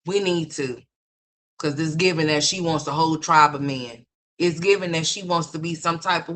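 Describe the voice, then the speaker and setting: Bright-voiced, blunt, mocking commentary host. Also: medium pitch, moderate pace. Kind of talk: opinion commentary on online drama.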